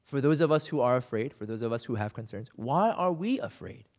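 A man's voice: mid-range voice, lively intonation, fairly quick, a little mellow, in a large hall. A man preaching a sermon in a conversational way, often checking in with "right?" and acting out quoted voices. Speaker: pastor.

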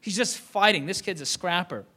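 A man's voice: high-pitched, normal speed, bright, forceful tone, breathy edge. A young man from Michigan preaching a conversational sermon, with many fillers and restarts. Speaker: pastor.

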